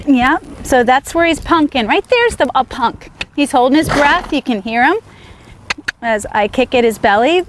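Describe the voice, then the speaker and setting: A woman's voice: sits high, noisy background. A woman horse trainer giving a riding demonstration outdoors, firmly coaxing her horse with short praise while explaining to viewers.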